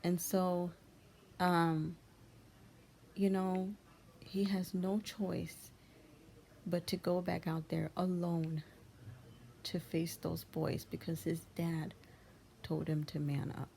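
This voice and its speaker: Soft-spoken young woman, half-whispering. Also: lowish voice, level tone, slow pace, creaky, long pauses, a little hiss or hum. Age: young adult. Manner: soft, often half-whispered, gentle and comforting. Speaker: channel host. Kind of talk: heartfelt monologue of encouragement.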